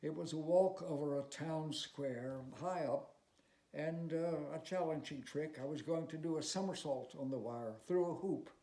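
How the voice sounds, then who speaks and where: A man voicing a proud, aging male tightrope walker who bursts out in anger and then confesses in a halting, hushed way. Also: on the high side, close to an everyday voice. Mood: confessing. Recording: roomy echo, faint noise.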